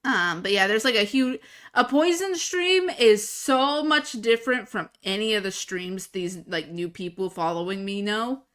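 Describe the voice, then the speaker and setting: A young woman streamer talks casually into a desk mic during a live-stream chat, rambling and swearing freely. Her voice is medium-pitched and a bit bright, with lively intonation and a measured pace.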